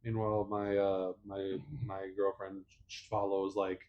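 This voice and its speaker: A man's voice: sits low, monotone, measured pace, highs cut off, slight background noise. A young man co-hosting a casual podcast chat, teasing his friend in a playful manner. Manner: playful, teasing, puts on voices in anecdotes. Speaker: podcast co-host.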